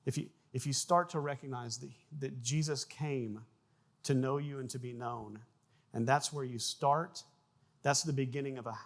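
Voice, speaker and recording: Man, pastor, conversational sermon, mid-pitched voice, casual restarts. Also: fairly even intonation, normal speed. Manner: conversational preaching with restarts, bursts of loud acted sound effects.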